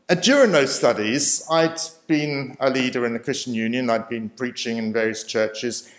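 A man and preacher telling his life story as a personal testimony in a self-deprecating way, often chuckling. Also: medium pitch. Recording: roomy echo.

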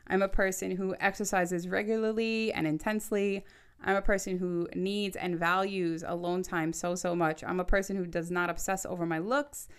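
A woman in her thirties giving casual advice straight to her audience, talking quickly in bursts and often checking in with "okay?". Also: lowish voice, flat delivery, clean tone. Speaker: vlogger. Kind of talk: casual advice monologue to camera.

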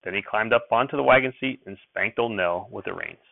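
A man reads a novel aloud in a steady, even narration, his voice gravelly and mid-pitched, now and then tripping and correcting himself. The recording is dry and thin, like a phone line. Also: fairly quick, no echo. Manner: steady narration with small slips and self-corrections. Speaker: reader.

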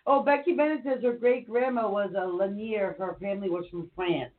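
A woman's voice: medium pitch, moderate pace. A woman co-hosting a casual online teaching chat, joking around in a playful, goofy way. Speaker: co-host. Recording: tinny narrow-band online call audio.

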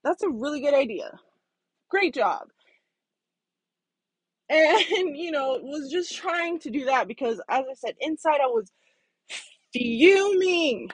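A woman vlogging, telling a personal story candidly, swinging between hushed asides and loud bursts, with some swearing. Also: sits high, breathy edge, dry recording. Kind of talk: casual storytelling monologue.

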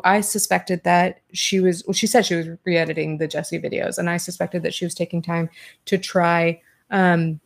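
A woman hosting a casual commentary chat, reading viewer comments aloud and talking bluntly, with swearing and quick restarts. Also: on the low side, vocal fry. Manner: quick, talkative, many restarts.

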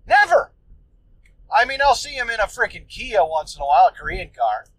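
A man's voice: high voice, very animated, fast talker, a bit bright, poor audio. A man hosting a solo podcast, telling a story in a loose, profane, ranting way. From United States. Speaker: podcast host.

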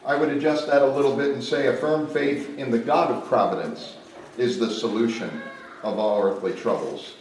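A man's voice: medium pitch, moderate pace. Male pastor, preaching, emphatic and dynamic, recorded from a distance in a roomy hall with faint background noise. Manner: emphatic preaching with dramatic swings in loudness and pace. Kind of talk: sermon. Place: retreat camp meeting space.

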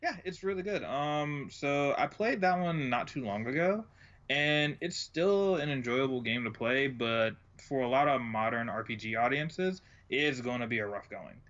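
A man co-hosting a casual podcast, speaking in a dry, low-key way at a middling pitch. The recording sounds dull and lo-fi. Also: animated, moderate pace, fairly bright tone. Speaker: podcast co-host. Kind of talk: casual chat.

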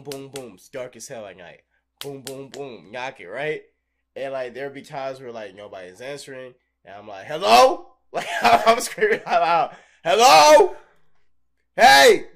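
A young man co-hosting a podcast, telling stories in a loose, animated way, swearing freely and laughing often. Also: mid-range voice. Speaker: podcast co-host. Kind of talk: casual chat.

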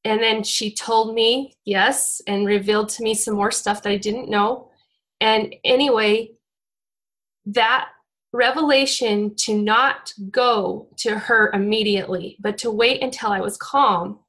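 Addressing her congregation, a church speaker around her forties talks unhurriedly in a slightly high, fairly bright voice. The devotional message is heartfelt and tearful, marked by frequent restarts.

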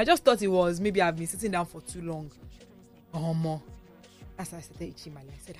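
A woman's voice: medium pitch, normal speed, faint music behind. A woman with a Nigerian accent co-hosting a radio show from the studio, chatting casually and telling stories with many asides. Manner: animated storyteller, lots of asides and fillers. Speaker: radio co-host.

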